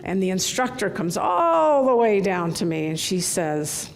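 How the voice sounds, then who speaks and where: Gravelly-voiced woman telling keynote stories. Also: medium pitch, a little slow, a little hiss or hum. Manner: storytelling, candid and animated. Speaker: keynote speaker. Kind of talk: conference keynote talk. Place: large conference hall.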